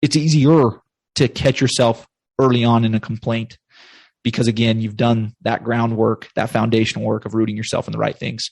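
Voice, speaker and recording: A man's voice: medium pitch, flat delivery, normal speed, gravelly, darkish tone, dry recording. A man speaking as a podcast guest in casual, emphatic and motivational talk, often acting out bits of self-talk.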